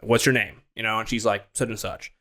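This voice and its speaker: A young man co-hosting a podcast who tells stories in a lively, profane way, acting out both sides of an argument. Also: lowish voice, fairly quick. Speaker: podcast co-host. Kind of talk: casual chat.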